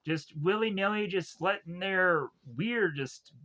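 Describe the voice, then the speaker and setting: Young male reviewer, a little high, loose and jokey, chatty scene-by-scene recap. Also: measured pace, bright, forceful tone. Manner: rambling, jokey, laughs at his own jokes. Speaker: movie reviewer. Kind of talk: casual comedic recap with goofy quoted asides.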